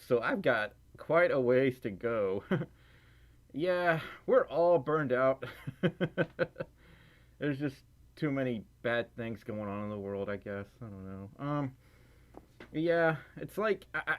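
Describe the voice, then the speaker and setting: A man hosting a casual livestream, rambling and self-deprecating while fiddling with his audio. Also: mid-range voice. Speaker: livestream host.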